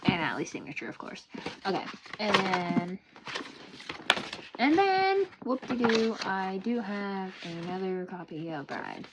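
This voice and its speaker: A young woman showing off her book collection in a casual, excitable, rambling vlog at home. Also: lowish voice, moderate pace. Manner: excitable, gushing, giggly, rambling. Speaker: book vlogger. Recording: noisy home recording.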